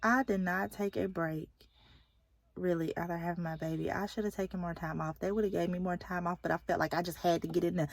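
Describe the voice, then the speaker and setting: Filming a casual vlog at a kids' sports game, a young adult nurse chats candidly and now and then whispers. She speaks fast with fairly even intonation, in a lowish, gravelly voice with no echo.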